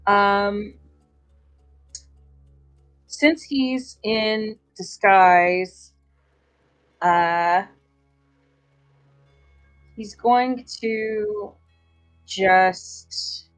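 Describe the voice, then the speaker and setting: Slow-talking hesitant woman player. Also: mid-range voice, clean tone, soft background music. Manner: hesitant, many ums and likes. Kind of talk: playing a tabletop game.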